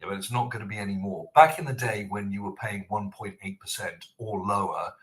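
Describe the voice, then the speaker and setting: A man co-hosting a podcast, chatty and opinionated, quick with a joke. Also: lowish voice, low-quality recording. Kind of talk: casual podcast chat.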